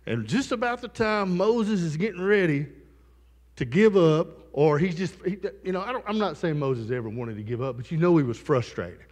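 Male pastor, conversational sermon, asides to the congregation, animated pitch, reverberant sanctuary. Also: normal speed. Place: church sanctuary.

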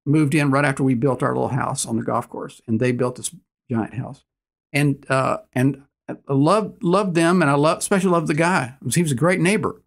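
A man in his sixties, a guest telling stories in conversation, earnest and animated, acting out the dialogue. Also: medium pitch, creaky. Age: 60s. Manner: earnest, animated storyteller who acts out dialogue. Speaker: guest, business owner. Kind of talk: conversational storytelling.

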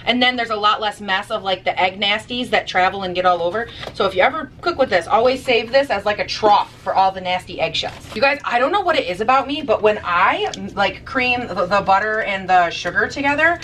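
A woman's voice: mid-range voice, animated, fairly quick, hardly any pauses, a bit bright, far from the mic, slight background noise, poor audio. A young woman vlogging in her kitchen while she bakes, talking in a sassy, chatty way with casual swearing. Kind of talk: casual chat while baking. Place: home kitchen.

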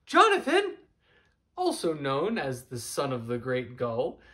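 A man reading aloud and voicing an eager young male seagull who blurts out excited questions. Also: a little slow. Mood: startled. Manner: high, excited outbursts and questions.

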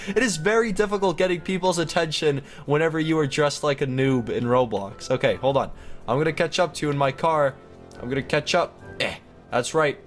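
A man's voice: a little high, fairly quick, soft background music. A man giving chatty gameplay commentary as a gaming YouTuber, talking to himself and giggling often.

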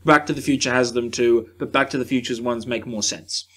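A man's voice: medium pitch, fairly even intonation, fairly quick, fairly bright tone. A young man co-hosting a podcast, explaining eagerly in casual chat and swearing freely. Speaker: podcast co-host.

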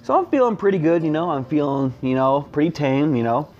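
Rambling, animated young man telling stories. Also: on the high side, a little fast, highs cut off. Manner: rambling, self-mocking, heavy on fillers. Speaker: storyteller, channel host. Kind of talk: casual storytime monologue.

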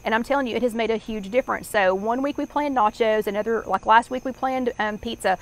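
A woman's voice: fairly high pitch, fast talker, poor audio. A middle-aged woman with a Southern US accent, hosting a live online workshop chat in a rambling, chatty way with many fillers. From American South.

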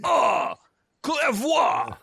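A man mimicking a flustered, polite woman hotel receptionist, speaking haltingly. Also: high-pitched, expressive, crowd noise, pitched above the performer's own voice. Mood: apologetic.

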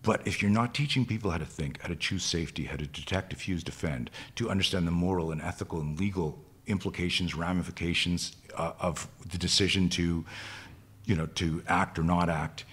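Deep husky man telling a story. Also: brisk, fairly bright tone. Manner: swears freely, acts out quoted voices. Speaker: self-defense instructor, guest. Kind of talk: animated storytelling in conversation.

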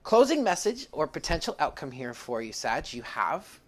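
A woman's voice: sits low, sing-song, normal speed, breathy edge. A woman giving a tarot reading to viewers, emotional and close to tears, calling the listener honey and swearing freely. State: tearful. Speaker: tarot reader.

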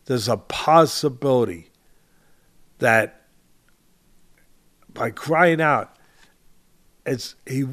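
A man's voice: mid-range voice, very slow, pauses often, fairly bright tone. An older man hosting a boxing podcast, talking with passion and stressing his points by repeating phrases. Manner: emphatic, repeats phrases for stress, addresses co-host by name. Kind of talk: impassioned podcast commentary.

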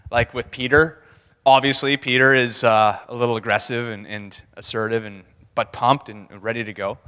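A man's voice: medium pitch, level tone, moderate pace, bright, forceful tone, smooth. Man talking casually in a reverberant church. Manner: conversational, laughing, acts out quotes. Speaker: church speaker. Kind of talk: casual sermon talk. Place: church sanctuary. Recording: long church-hall reverb.

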